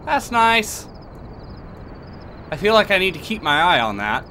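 A man's voice: high-pitched, big pitch swings, a little slow, sharp tone, slight background noise. A man playing a horror game, giving casual commentary with sarcastic, muttered asides. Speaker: let's play gamer.

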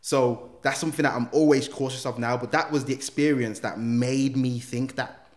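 A man tells his story in an animated way, slipping in street slang and doing the other people's lines himself. His voice sits at a middle pitch, and the sound carries an echoey room around it. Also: normal speed. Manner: animated storyteller who acts out quoted dialogue, street slang. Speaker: guest, former gang member turned motivational speaker. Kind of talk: casual storytelling interview.

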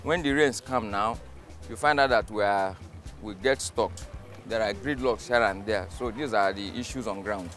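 A man's voice: on the low side, normal speed, a bit bright, faint music behind. A man interviewed on site, plainly describing local road problems.

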